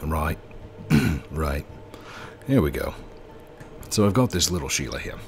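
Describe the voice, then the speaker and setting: A man's voice: extremely low pitch, big pitch swings, measured pace, vocal fry, a little hiss or hum, voice pushed down, heavily acted. A man putting on an Australian accent, voicing a laid-back fellow in a game. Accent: put-on Australian.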